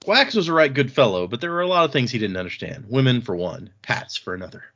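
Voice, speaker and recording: A man's voice: mid-range voice, sing-song, fairly quick, sharp tone, slight background noise. A man hosting a podcast, casually recapping book chapters, laughing often and slipping into voices for quotes. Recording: dull lo-fi sound.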